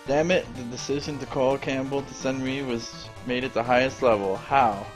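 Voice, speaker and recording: A man's voice: medium pitch, fairly even intonation, moderate pace, music in the background, natural voice, poor audio. A man reading aloud the lines of a tough male soldier hero from a video game, in his own plain voice. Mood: tense. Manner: reads hero dialogue aloud.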